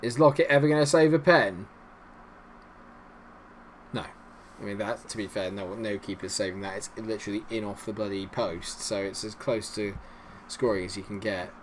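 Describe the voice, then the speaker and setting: A man giving casual, animated commentary on a football management game, swinging between cheering and grumbling. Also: lowish voice, moderate pace, long pauses, a little hiss or hum. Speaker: gaming YouTuber.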